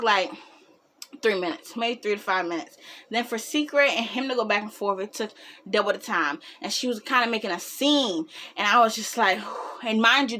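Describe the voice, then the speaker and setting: A young woman telling a story in casual storytime style, animated and quick to laugh. Her voice is high and bright, recorded close to the mic.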